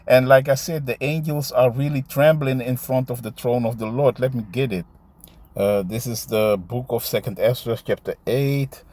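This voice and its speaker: A man preaching and reading scripture aloud in a loose, halting way, tagging his lines with "man" and "you see". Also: medium pitch, fairly even intonation, darkish tone. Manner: halting, with many fillers and restarts while finding verses. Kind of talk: casual scripture teaching, reading verses aloud.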